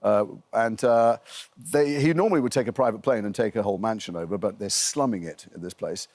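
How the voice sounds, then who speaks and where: A middle-aged man from Liverpool talks quickly and chattily as a guest on a morning TV interview. He spins self-mocking anecdotes one after another. The sound is close and dry, with little room echo. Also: on the low side, darkish tone. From Liverpool, England. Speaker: actor guest. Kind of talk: breakfast TV interview.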